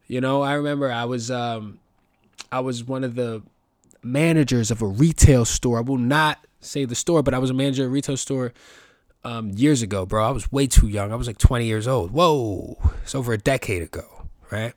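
A man's voice: mid-range voice, normal speed, dry recording, studio quality. Rambling joking man in his thirties. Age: 30s. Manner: rambling, joking, swears freely, acts out quoted voices. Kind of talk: casual solo monologue.

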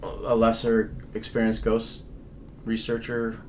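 Low-voiced man in casual chat. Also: monotone, slow, a little hiss or hum. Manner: rambling, restarts sentences. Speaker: paranormal investigator, co-host.

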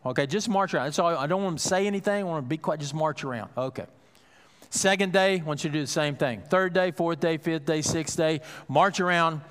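A male pastor preaching a sermon, telling a story with acted-out dialogue and building to loud, emphatic peaks. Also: on the high side, fast, clear, resonant tone, long reverb tail.

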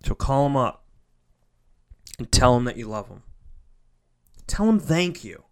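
A man giving a heartfelt motivational monologue. He repeats phrases for emphasis and swings between loud, pushing lines and soft, near-whispered ones. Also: medium pitch, very animated, unhurried, long pauses, smooth.

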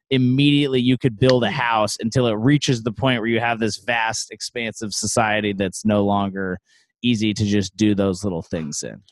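A man of middling pitch talks loosely on a late-night home podcast call, wandering through his thoughts with wry asides. His voice sounds dry and close, with almost no room around it. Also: dry recording. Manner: rambling, musing, wry. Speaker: podcast co-host. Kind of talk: casual late-night chat over a call.

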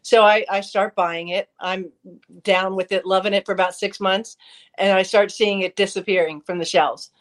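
A woman's voice: medium pitch, moderate pace. A middle-aged woman chatting casually as a co-host, telling anecdotes with quoted back-and-forth. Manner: storytelling, lively anecdotes with quoted dialogue. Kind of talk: casual chat.

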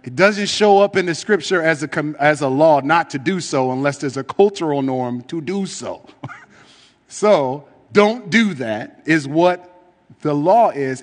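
A man's voice: medium pitch, big-room sound. A man preaching in a casual, conversational way, reading scripture and explaining it with frequent fillers.

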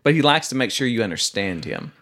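A man's voice: medium pitch, very animated, fast talker, a bit bright. A man co-hosting a casual podcast, reading listener emails and laughing often. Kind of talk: casual banter.

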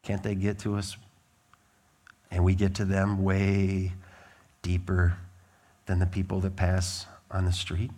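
A middle-aged man preaching a sermon as pastor, swinging from loud emphatic declarations to quiet conversational asides. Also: low voice, completely flat delivery, slow pace, pauses often.

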